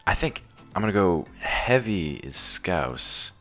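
Very deep-voiced American man. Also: very animated, takes it slowly, over loud music. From United States. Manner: hesitant, thinking aloud with many restarts. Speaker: quiz contestant. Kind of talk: casual chat.

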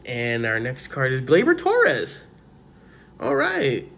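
A man hosting his own vlog, opening sports card packs in casual, excited chat, often stammering and repeating words. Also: mid-range voice, slow, vocal fry.

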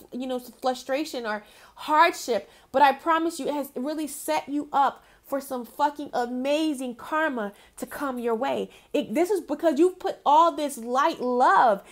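A woman's voice: sits high, fairly bright tone. A young adult woman giving a casual, affectionate tarot reading, talking chattily with lots of fillers. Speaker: tarot reader. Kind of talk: casual spiritual card reading.

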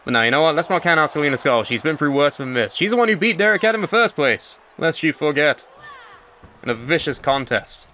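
A man giving excitable, crude play-by-play commentary on a wrestling match. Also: fairly high pitch, fast, a little hiss or hum. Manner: excitable, crude, theatrical calls.

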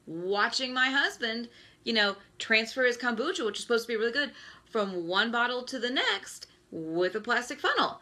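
Host, female, thirties, tense and bright-toned, frustrated ranting delivery for a casual live stream. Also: on the high side, big pitch swings, normal speed. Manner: exasperated, ranting. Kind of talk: Facebook Live talk.

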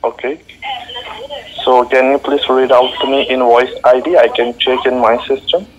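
A man working as a call-center agent, giving short, flat, patient replies over the phone. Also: medium pitch, normal speed. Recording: muffled phone line with faint noise.

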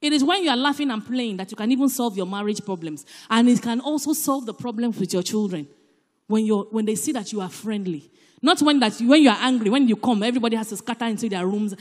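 A woman with a Nigerian accent giving an animated, emphatic church talk, swinging between loud and soft. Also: a little high, quick pace. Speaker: church speaker. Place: church hall. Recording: echoey church hall.

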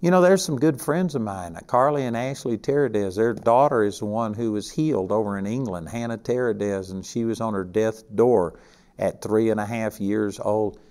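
A man's voice: on the low side, moderate pace, darkish tone. An older man from Texas with a Texan accent, teaching a sermon in a folksy, conversational way with emphatic stresses. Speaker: Bible teacher.

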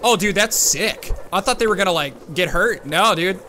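Excitable young male let's-player, high and bright tone, faint game music behind. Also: moderate pace. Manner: excitable, exclaiming, laughing. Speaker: gaming video host. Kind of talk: let's play commentary.

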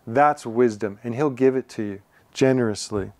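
A man's voice: medium pitch, normal speed, a little mellow, no room sound. Male pastor, mid-range voice, earnest and chatty sermon style with rhetorical questions, dry close sound. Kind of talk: conversational sermon.

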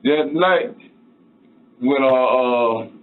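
A man's voice: mid-range voice, extremely slow, phone-quality sound. A man being questioned by police, answering with rambling, defensive denials. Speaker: suspect. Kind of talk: police interrogation.

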